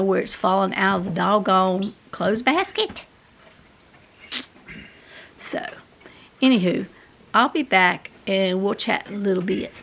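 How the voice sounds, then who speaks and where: A woman's voice: mid-range voice, creaky, fairly bright tone, a little hiss or hum. A woman, rambling casually to her viewers in a home vlog. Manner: chatty, rambling, talks to viewers directly. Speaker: vlogger. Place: home, indoors.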